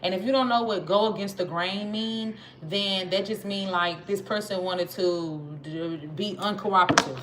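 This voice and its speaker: Talking directly to her viewers, a Southern-accented woman delivers a laid-back tarot reading full of slang and chatter. She has a mid-range, slightly bright voice at normal speed with few pauses, over a noisy, clicky recording.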